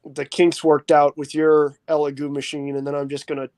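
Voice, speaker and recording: Excitable joking man, slightly high voice. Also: normal speed. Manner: excitable, swears freely, jokey. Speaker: co-host. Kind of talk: casual chat.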